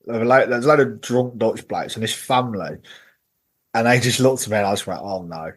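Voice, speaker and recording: A man's voice: medium pitch, fast talker. Guy on a podcast, easygoing middle voice, rambles through match stories and laughs along. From England. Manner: chatty, laughs at his own stories. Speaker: podcast guest, football fan. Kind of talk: casual storytelling chat.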